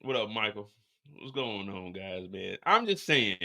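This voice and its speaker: A man hosting a comedic TV episode recap, ranting in an animated, profane, mock-dramatic way. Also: on the low side, unhurried. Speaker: show recap host.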